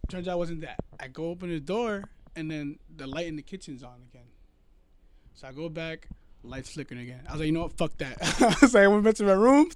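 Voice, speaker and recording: A man in casual chat, telling a spooky story in an animated way, swearing freely and calling his friend "bro". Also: on the high side, fast. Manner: animated, swears a lot, says "bro" often.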